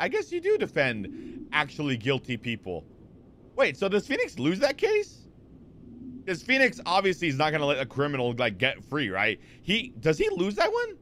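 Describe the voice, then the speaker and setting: A man's voice: a little high, huge pitch swings, normal speed, a bit bright, slight background noise. A man in his twenties chatting casually on a live stream, rambling with lots of fillers and restarts as he answers chat.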